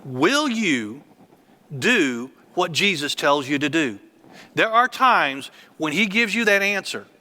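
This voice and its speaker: Bright-voiced preaching man. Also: fairly high pitch, sing-song, takes it slowly. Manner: emphatic, repetitive. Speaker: church elder. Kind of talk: sermon.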